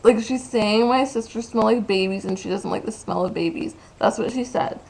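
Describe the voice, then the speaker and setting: Very gravelly young woman rambling to a webcam. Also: medium pitch, moderate pace, a little mellow, a little hiss or hum, low-quality recording. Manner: rambling, loses track, crude swearing. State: very tired. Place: room at home. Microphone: webcam at the computer.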